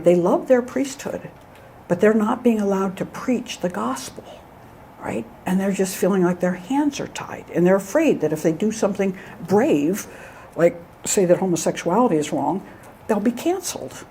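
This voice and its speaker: A woman's voice: medium pitch, expressive, moderate pace, warm tone, a little hiss or hum. A woman giving an informal talk to an audience. She speaks earnestly and urges her listeners on, checks in with "all right?" and "you know?", and sometimes acts out conversations with a wry laugh. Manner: acts out dialogue between herself and God. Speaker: speaker at a Catholic event.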